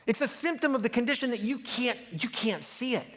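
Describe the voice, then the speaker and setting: A man delivers a sermon in a loose, conversational way. His voice sits notably high for a man. He jokes with the room and slips into quick voices when he quotes people. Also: animated, a bit bright. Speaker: pastor.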